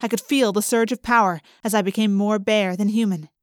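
A woman's voice: medium pitch, fairly even intonation, a little fast, no room sound, clean studio sound. A woman reading a first-person storybook aloud and voicing the emotional dialogue expressively. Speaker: audiobook narrator.

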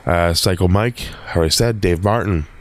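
In casual podcast chat, a deep-voiced host rambles along with many fillers and restarts. He keeps a moderate pace, and there's no room sound in the recording.

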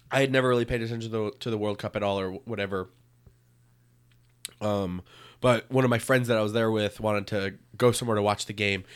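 A man from the United States chatting casually as a podcast co-host, rambling and joking, laughing often. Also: on the low side. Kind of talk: casual chat.

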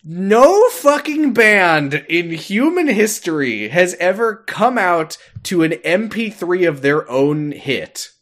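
A man's voice: fairly high pitch, big pitch swings, slow pace, hardly any pauses, fairly bright tone. A man co-hosting a podcast, recapping a TV episode in casual chat with a sarcastic, exasperated manner and some swearing. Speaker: podcast co-host.

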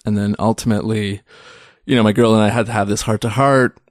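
A man's voice: on the low side, fast, no room sound, clean studio sound. A man in his thirties, a stand-up comedian guest, chatting casually and animatedly, acting out quoted voices as he tells stories. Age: 30s. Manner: animated storyteller who acts out quoted voices. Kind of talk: casual podcast interview.

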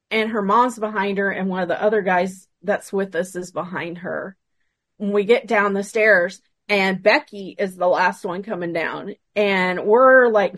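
A woman paranormal investigator, a guest on an interview show, telling a story from an investigation in a casual, animated way and acting out the dialogue. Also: mid-range voice, no room sound.

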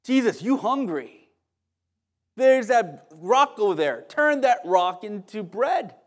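Man putting on a sly tempting devil, coaxing, high and lively. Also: slow pace, full character voice. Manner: coaxing, casual, repeats the listener's name.

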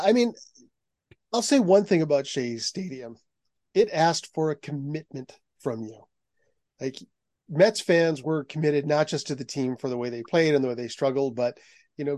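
A middle-aged man, a guest author, telling anecdotes in a lively, conversational way. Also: medium pitch, no room sound, clean studio sound. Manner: lively anecdotal telling, acts out quoted voices. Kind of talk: conversational storytelling.

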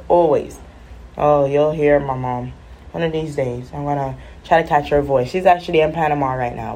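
A woman vlogger telling funny personal stories in a chatty, animated way, acting out other people's lines. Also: sits low, slight background noise, poor audio. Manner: animated, chatty, acts out voices. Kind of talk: casual storytelling.

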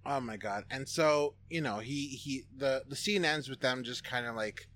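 A man's voice: mid-range voice, moderate pace, fairly bright tone, a little hiss or hum. A man co-hosting a podcast, casually retelling a movie scene by scene, rambling and profane with lots of restarts and fillers. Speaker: podcast co-host recapping a film. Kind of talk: casual chat.

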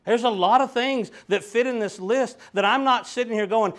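A man's voice: sits high, normal speed, a bit bright. A man preaching a sermon, emphatic and direct with his listeners. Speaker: pastor.

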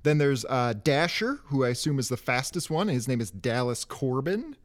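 A man's voice: medium pitch, animated, moderate pace. A man hosting a casual comic-book podcast, rambling and joking as he goes through the characters. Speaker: podcast host.

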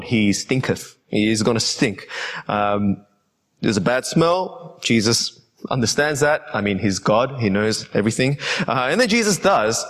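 Earnest man preaching a sermon. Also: medium pitch. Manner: earnest, addresses listeners as friends.

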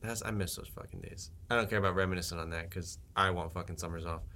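A man co-hosting a podcast, teasing his friend and cursing freely in relaxed banter. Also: low-pitched, quick pace. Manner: teasing, profane, laughs a lot. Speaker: podcast co-host.

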